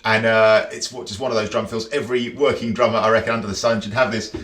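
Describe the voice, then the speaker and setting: A chatty man gives a drum lesson from a room that rings with a roomy echo. His voice sits low, and he counts beats and scats rhythms as he explains. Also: fairly even intonation, fast talker, a bit bright. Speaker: drum teacher. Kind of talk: casual instructional talk.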